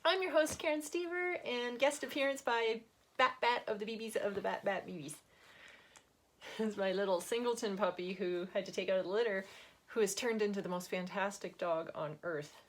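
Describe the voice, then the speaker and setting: A woman's voice: mid-range voice, normal speed. A woman author hosting her own book reading, chatty and giggly, sniffling from allergies. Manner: chatty, giggly, lots of fillers. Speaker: author and host. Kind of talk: casual chat and book reading.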